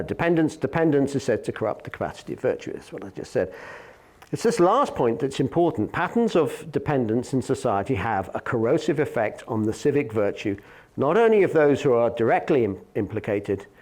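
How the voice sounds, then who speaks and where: A man, an academic lecturer, giving a philosophy lecture in a measured, explanatory way, often pausing on fillers and correcting himself mid-sentence. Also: medium pitch, a little mellow.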